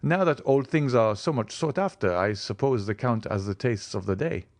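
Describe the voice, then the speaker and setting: A man's voice: mid-range voice, expressive, normal speed, darkish tone, no echo, close to an everyday voice. A man voicing a plain, polite provincial notary who chatters eagerly about a sale. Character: plain, fee-minded provincial male notary.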